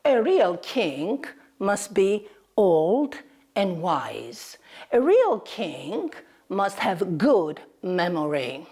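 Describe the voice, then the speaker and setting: Woman doing a slow, stately old elephant. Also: very animated, dark tone. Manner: slow, low and deliberate. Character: old wise elephant claiming the crown.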